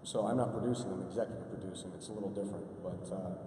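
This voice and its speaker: Low-voiced man telling stories in an echoey hall. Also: very fast, recorded from a distance, noisy background. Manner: relaxed anecdotal storyteller. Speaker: convention panel guest. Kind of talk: storytelling on a panel. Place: large convention hall.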